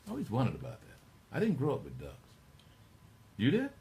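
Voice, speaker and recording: A man's voice: mid-range voice, fairly quick. A middle-aged man hosting a talk radio show, rambling and digressing as he speaks to his listeners. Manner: rambling, digressive, animated storyteller.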